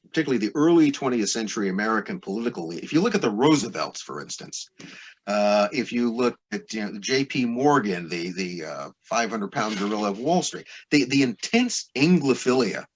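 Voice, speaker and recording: A man with a husky, slightly breathy voice talks through history as a podcast guest. He lectures in long, winding sentences and keeps circling back with asides. His pitch sits in a middle range. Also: big pitch swings, brisk, lo-fi sound. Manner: discursive, lecturing with many asides. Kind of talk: podcast interview explanation.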